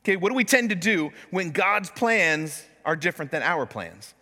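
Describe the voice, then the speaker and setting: A man preaching a sermon from the pulpit, his voice high-pitched and bright. He is animated and acts out the complaints and prayers he quotes. The sound rings with the long reverb of a large church hall. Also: normal speed, soft background music. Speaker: pastor. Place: church sanctuary.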